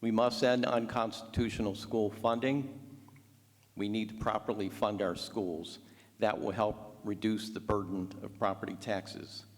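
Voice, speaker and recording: A man delivering a closing statement as a candidate, in punchy, forceful campaign rhetoric. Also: on the low side, steady tone, a little slow. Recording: long reverb of a hall.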